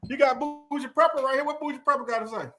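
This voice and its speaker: A man from Atlanta, joking and telling stories at an easy pace. His voice is very high and bright as he banters back and forth. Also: quick pace. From Atlanta, Georgia. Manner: laid-back, joking, storytelling. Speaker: live stream host. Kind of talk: casual banter.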